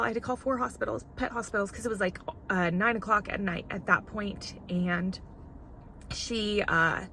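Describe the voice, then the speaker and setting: A woman's voice: medium pitch, a little fast, bright, forceful tone, a little hiss or hum. A woman vlogger in casual chat, rambling and candid while fighting back tears.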